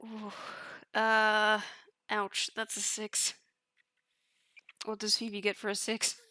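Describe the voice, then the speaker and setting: A woman's voice: medium pitch, completely flat delivery, takes it slowly, bright, forceful tone, no room sound, clean studio sound. A woman playing a tabletop role-play game, narrating her character hesitantly with many restarts and giggles.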